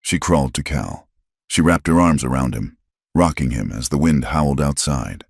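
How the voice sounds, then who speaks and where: A man tells a western story in scripted narration. His voice is extremely low, with a husky grain. The reading is grave and measured. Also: expressive, dry recording, clean studio sound.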